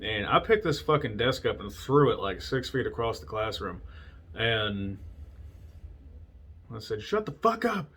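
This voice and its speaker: A man's voice: fairly low pitch, a little slow, pauses often, fairly bright tone, slightly rough. A man hosting a casual solo talk show, telling stories from his past bluntly and with lots of swearing, laughing at himself now and then. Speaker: podcast host.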